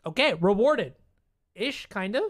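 Streamer, casual play-along commentary; muttery and profane with sudden excited spikes. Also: medium pitch, measured pace, dry recording, studio quality. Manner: muttering to self, swearing, bursts of excitement; chats to chat and opponent.

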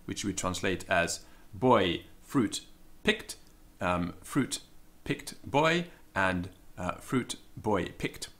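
A man giving an informal spoken lesson, thinking aloud with many ums and slowing down to stress each example. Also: on the low side, fairly bright tone. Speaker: Latin teacher.

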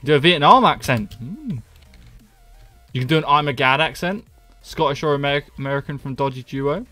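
Joking streamer chatting with chat. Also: male voice, a little high, expressive, normal speed, sharp tone, faint music behind. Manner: joking, self-mocking, reads chat aloud. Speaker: live streamer. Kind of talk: casual chat with viewers while gaming.

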